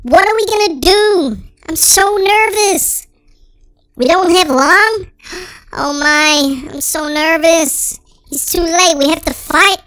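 A gaming channel host giving excitable, dramatic let's-play commentary through a sped-up chipmunk voice filter. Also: very high voice, takes it slowly, no echo.

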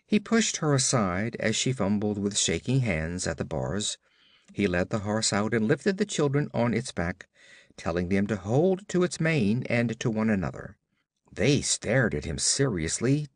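A man giving expressive, dramatic audiobook narration of a pulp adventure. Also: fairly low pitch, a little slow, no room sound, clean studio sound.

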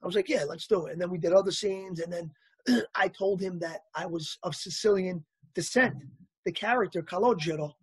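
Male interview guest, husky and lively, telling anecdotes in a dry, close recording. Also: sits high, normal speed, no room sound. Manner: animated anecdotal storyteller, acts out quotes. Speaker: actor guest. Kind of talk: casual storytelling interview.

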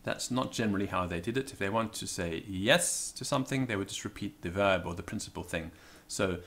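A man giving an informal spoken lesson, thinking aloud with many ums and slowing down to stress each example. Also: on the low side, a bit bright. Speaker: Latin teacher.

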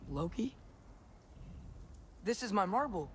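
A man with a high-sitting voice speaks slowly and in a heavily acted way, voicing an earnest, curious teenage boy god in a video game. His delivery sounds searching, over steady background noise in the game audio.

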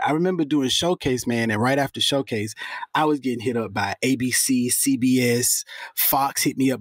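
A male actor talks as a guest in a casual interview. He is slangy and animated, and he slips into the people he quotes. His voice sits mid-range and sounds dry and close, with no room around it. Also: mid-range voice, no echo.

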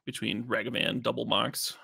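A man co-commentating a card game, relaxed and quick to laugh, often asking questions. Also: medium pitch, gravelly, breathy edge.

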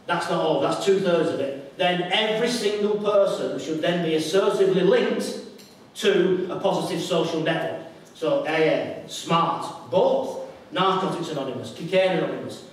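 A man's voice: sits high, far from the mic, a little hiss or hum. Witty man in an echoey hall. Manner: witty, animated, acts out drinkers' voices. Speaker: conference speaker. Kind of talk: conference talk. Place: large conference hall.

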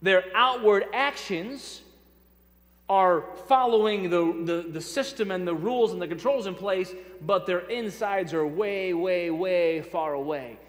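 A man's voice: high-pitched, unhurried. A male pastor preaching a sermon, emphatic, repeating key phrases and speaking directly to his congregation with light humor. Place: church sanctuary. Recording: reverberant church hall.

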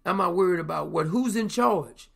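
A man with a high, gravelly voice preaching over the air in a loose, conversational sermon. His tone is husky and breathy, and he talks animatedly, repeating words and acting out the people in his stories. He sounds like he is in a broadcast studio. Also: moderate pace.

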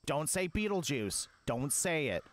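Gaming streamer, male, lively pitch that swings up and down, slightly high voice, mock-parental sing-song dad act. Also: a little slow. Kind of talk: comic role-play as a dad.

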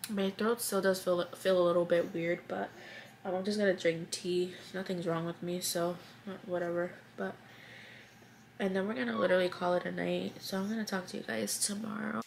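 Chatty young woman with a gravelly edge. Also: on the low side, flat delivery, normal speed, a little hiss or hum. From Connecticut, USA. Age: 20s. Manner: emotional, tearful, chatty with many fillers. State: stuffy, sniffly from a cold. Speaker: vlogger, new mother. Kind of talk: casual vlog chat to camera. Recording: music playing underneath.

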